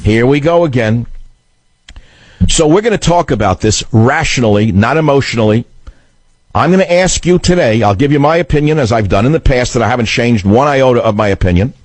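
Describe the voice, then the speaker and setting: A man's voice: mid-range voice, expressive, brisk, no echo, soft background music. A man hosting a political talk radio show, delivering a combative, sarcastic monologue into a studio microphone. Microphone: studio broadcast mic.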